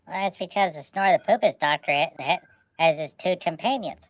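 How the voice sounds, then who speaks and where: Playful woman with a low voice, dry sound. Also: a little fast, no echo. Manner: rambling with restarts, playful. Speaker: podcast co-host. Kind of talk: casual chat, joking riffs.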